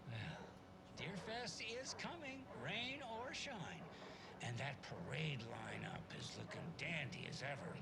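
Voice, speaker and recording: Cheery folksy radio dj, bouncy voice, lotta noise behind. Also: male voice, fairly high pitch, very animated, unhurried, vocal fry, exaggerated voice. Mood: chipper. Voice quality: upbeat, folksy, sing-song. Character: chipper middle-aged male radio host. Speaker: radio show host. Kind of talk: cheery small-town radio patter.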